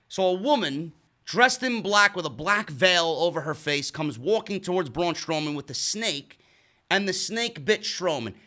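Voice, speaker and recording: Male reviewer, high-pitched and bright, profane and exasperated recap. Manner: profane, exasperated, stumbles over words. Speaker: wrestling show reviewer. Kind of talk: casual recap and rant.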